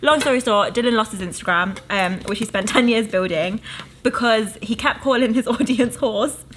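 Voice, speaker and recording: Teasing young woman, bright high voice. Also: moderate pace, slight background noise. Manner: teasing, playful, laughs a lot. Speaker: podcast co-host. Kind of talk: casual chat.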